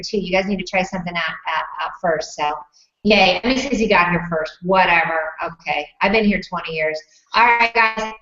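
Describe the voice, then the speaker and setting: A woman's voice: medium pitch, a bit bright. A woman hosting a casual live chat, bubbly and laughing often. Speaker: livestream host. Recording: dull lo-fi livestream audio.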